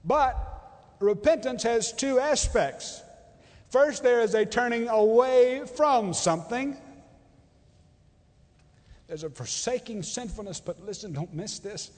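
A man preaching a sermon as pastor, impassioned, swinging between loud declarations and hushed, drawn-out readings of scripture. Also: high-pitched. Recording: long hall reverb.

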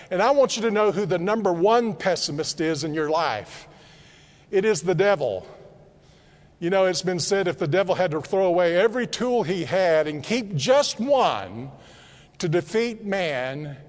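A man preaching a sermon, swinging from low, quiet reflection to loud, impassioned cries. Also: big-room sound.

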